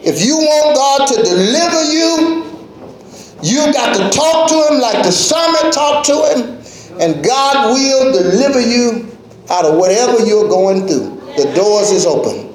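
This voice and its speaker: Fervent high-voiced preacher, echoey church. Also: male voice, lively intonation. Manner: fervent, rising to shouts, drawn-out emphasis. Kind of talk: sermon. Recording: echoey church hall with congregation. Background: congregation.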